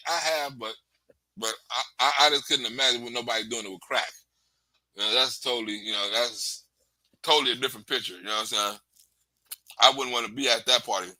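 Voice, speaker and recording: A man's voice: medium pitch, brisk, sharp tone, no room sound. A man telling loose, rambling comic stories in a casual stand-up manner, often laughing and acting out the voices of the people he quotes. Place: Hollywood.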